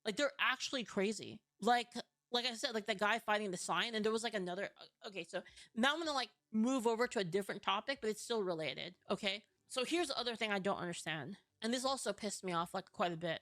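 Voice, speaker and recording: A woman's voice: medium pitch, animated, fast, few pauses, a bit bright, no echo. A young woman from California telling a story in a casual vlog, ranting, full of fillers and swearing. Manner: profane, filler-heavy, ranting.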